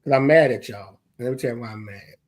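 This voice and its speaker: An older man who is dean of a theology school, telling stories to graduating students in an emphatic, animated and humorous way. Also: medium pitch, fast. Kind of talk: conversational remarks to graduates.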